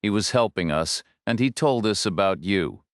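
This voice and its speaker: A man's voice: on the low side, expressive, moderate pace, dry recording, clean studio sound. A man voicing a grieving elderly woman on the phone, wavering, hesitant and resigned. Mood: sad, hesitant. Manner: wavering, resigned, soft-spoken.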